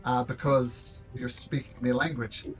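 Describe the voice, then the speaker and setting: A man narrates a tabletop game as game master, starting and restarting his sentences. His pitch sits mid-range, and soft music plays faintly behind. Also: little pitch movement, husky. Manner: halting, many fillers and repeated words.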